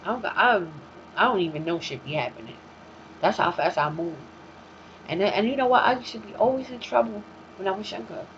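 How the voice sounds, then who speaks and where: A woman's voice: mid-range voice, lively intonation, fairly quick, fairly bright tone. Blunt, profane woman storyteller. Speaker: talk show host. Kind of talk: casual monologue. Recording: dull, slightly lo-fi recording with faint hiss.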